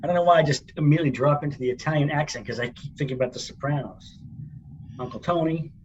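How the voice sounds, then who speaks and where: A man's voice: a little high, rapid-fire, dull audio, background noise. Joking middle-aged man on a laptop mic. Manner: chatty, joking. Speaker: podcast co-host. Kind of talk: casual chat. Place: office conference room.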